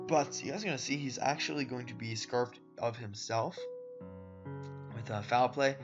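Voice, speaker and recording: A man's voice: medium pitch, normal speed. A man giving casual voice-over commentary on his own competitive game matches. He rambles in a laid-back way, with lots of fillers, and talks to viewers as "guys" and "boys". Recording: dull lo-fi audio with background music. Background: soft guitar background music.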